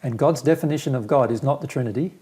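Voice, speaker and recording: A man's voice: mid-range voice, quick pace, mellow, breathy edge. A man who is a spiritual teacher, talking earnestly and patiently in a casual conversation and explaining his ideas with simple everyday examples.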